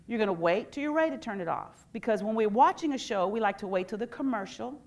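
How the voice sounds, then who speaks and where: A middle-aged woman and former teacher giving a lively workshop talk, quizzing the audience and leading call-and-response. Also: mid-range voice, fast. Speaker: educator and workshop speaker.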